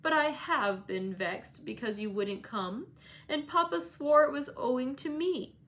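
A woman's voice: sits high, unhurried, fairly bright tone, voice pushed up. A woman reading aloud, voicing a sickly, peevish teenage boy who pleads and taunts. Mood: pleading.

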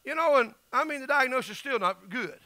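A man's voice: very high-pitched, animated, fairly quick, sharp tone, no echo. A middle-aged man with a Southern US accent, preaching an emphatic, folksy sermon as pastor.

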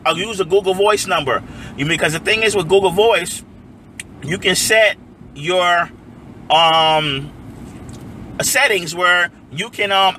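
A man's voice: high-pitched, pushed and bright, slight background noise. Hyped man livestreaming from his car. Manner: hyped, repetitive, laughs often, addresses viewers as y'all. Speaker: livestream host. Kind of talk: excited livestream chat to viewers. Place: inside a car outdoors.

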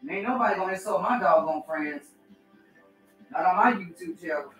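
A woman's voice: on the low side, normal speed, fairly bright tone, faint music behind, low-quality recording. A middle-aged woman with a Southern American accent chats casually on a live stream while cooking at home. She talks in a sassy, blunt way and cusses freely. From southern United States. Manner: sassy, blunt, lots of cussing. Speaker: YouTuber.

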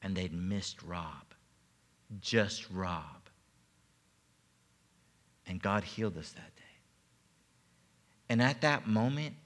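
A man's voice: low voice, slow pace, long pauses, a bit bright. A man preaching a sermon as pastor, telling a personal testimony with emotion and stumbling repeats. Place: church sanctuary. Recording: long reverb of a church hall.

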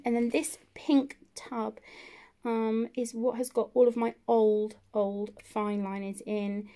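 A woman with a slightly high, gravelly voice chats through a tour of her colouring corner at home. She talks slowly and rambles, teasing herself as she goes. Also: mellow. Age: adult. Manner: chatty, rambling, self-deprecating. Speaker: colouring channel host. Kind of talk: casual room-tour chat.

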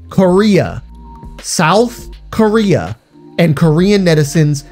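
Heated, emphatic man with a slightly hoarse voice. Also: sits high, sing-song, takes it slowly, darkish tone, soft background music. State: slightly hoarse after illness. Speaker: YouTuber. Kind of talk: ranting commentary vlog.

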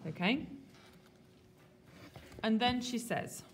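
Lively woman teaching a class. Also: on the high side, very slow. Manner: lively, colloquial, questions students. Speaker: English teacher. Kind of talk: classroom literature lesson.

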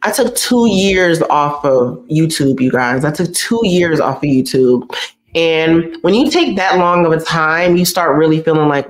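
A young woman with a low-pitched, expressive voice speaks a little slowly while hosting a casual YouTube livestream, reading and answering the live chat as she goes. She's chatty and effusive, repeating herself for emphasis, and sounds teary with a stuffy nose.

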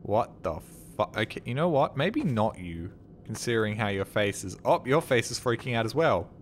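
A man's voice: fairly low pitch, big pitch swings, normal speed, a little hiss or hum. Puzzled man rambling over gameplay. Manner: rambling, puzzled, swears casually. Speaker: streamer playing a game. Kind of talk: casual live gameplay commentary.

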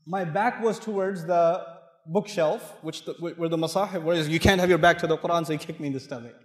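Speaking a little fast in a somewhat high voice, a middle-aged Islamic lecturer entertains a mosque audience with an animated, anecdote-filled lecture. He tells stories playfully and acts out the dialogue. The large hall sounds echoey, heard from a distance.

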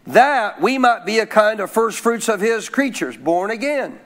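A man's voice: sits high, lively intonation, moderate pace, few pauses, fairly bright tone. A man preaching a sermon, asking his listeners questions and having them repeat phrases after him. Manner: preaching with call-and-response questions. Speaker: pastor.

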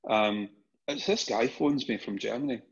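A middle-aged man with a Scottish accent tells stories in a casual, chatty way, often restarting and repeating words as he goes. His voice is husky and sits in an ordinary middle register. The podcast recording sounds dull and lo-fi. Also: mid-range voice, moderate pace. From Scotland. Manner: animated anecdotes with frequent restarts and repeated words. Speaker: podcast guest. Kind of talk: casual storytelling.

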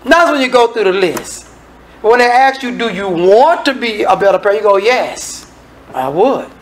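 A man's voice: high voice, expressive, fairly quick, a little hiss or hum, low-quality recording. Folksy preacher man. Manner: conversational, acts out the people in the scripture; folksy, colloquial asides to the congregation. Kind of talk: sermon.

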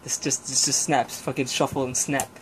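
A man's voice: mid-range voice, little pitch movement, normal speed, background noise. A young man vlogging a casual, rambling review of a CD from his collection, swearing often and sighing and groaning as he talks. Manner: rambling, profane, with sighs and groans.

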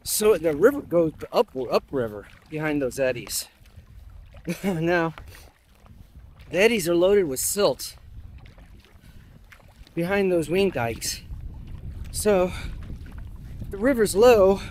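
A man's voice: sits high, expressive, slow pace, pauses often, a little mellow, a little hiss or hum. A man vlogging from a river while paddling, chatting casually and thinking aloud with lots of asides. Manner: thinks aloud, rambling, many fillers and asides. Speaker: vlogger training for a river race. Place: outdoors on a river in a kayak.

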